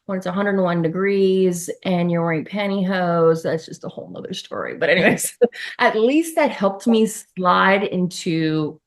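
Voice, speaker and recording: A woman's voice: fairly low pitch, moderate pace. A middle-aged woman talking casually as a podcast guest, telling stories in a chatty way with asides. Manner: chatty, storytelling, with laughs and asides. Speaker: podcast guest, former model. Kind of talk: casual interview chat.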